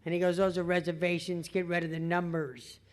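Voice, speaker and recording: A woman's voice: lowish voice, flat delivery, brisk. A middle-aged woman giving a blunt, swearing testimony at a recovery meeting, laughing at herself. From California. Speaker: AA meeting speaker. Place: meeting hall before an audience.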